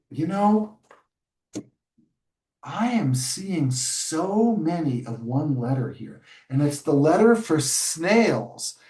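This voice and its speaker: Give me a man modeling a storybook read-aloud for teachers, animated, correcting himself, in a roomy room. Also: fairly high pitch. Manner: animated storybook reading with asides and self-corrections. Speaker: early childhood educator. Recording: roomy sound, distant from mic.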